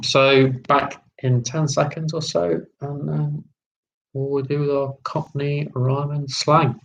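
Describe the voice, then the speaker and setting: A man's voice: medium pitch, fairly even intonation, slow, vocal fry, pauses often, highs cut off. A man hosting a live online quiz, chatty and repeating his lines. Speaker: quiz host.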